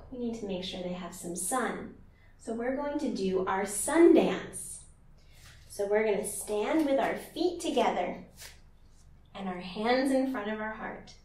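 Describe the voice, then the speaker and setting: A woman leads a yoga class for small children, talking very slowly in a gentle, playful tone. Her voice sits high, and she sometimes sings a line or barks like a dog. The sound is roomy and comes from some distance away from the mic. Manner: slow, gentle and playful, with sung lines and animal sounds. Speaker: kids yoga teacher.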